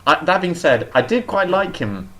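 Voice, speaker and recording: A man's voice: sits high, very animated, moderate pace, pushed and bright. A man co-hosting a casual chat show, opinionated and talkative, often restarting his sentences. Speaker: podcast co-host.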